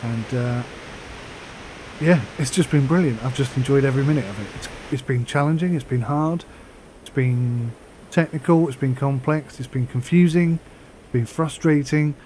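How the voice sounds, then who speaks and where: A man's voice: mid-range voice, normal speed, warm tone, slight background noise, poor audio. Chatty man vlogging. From United Kingdom. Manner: chatty, rambling with fillers. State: hiccups. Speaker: flight sim YouTuber. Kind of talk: casual vlog commentary.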